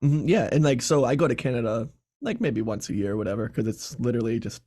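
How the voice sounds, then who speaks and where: Man, Michigan accent, podcast guest, rambling with fillers, slightly husky voice. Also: mid-range voice, quick pace, warm tone. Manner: laughs often, filler-heavy rambling. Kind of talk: casual chat.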